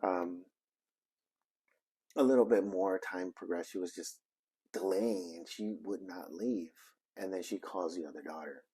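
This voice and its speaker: A man casually telling a story from his reselling business, rambling and halting with many fillers and restarts. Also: low-pitched, warm tone, slightly rough. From Arizona, United States.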